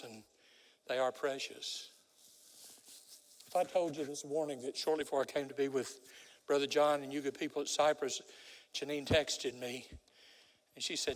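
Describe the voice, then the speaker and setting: An older man preaching a sermon as a guest preacher, telling stories dramatically and swinging from loud exclamations to hushed pleas. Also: mid-range voice. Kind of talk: sermon with storytelling. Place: large church sanctuary. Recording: long hall reverb.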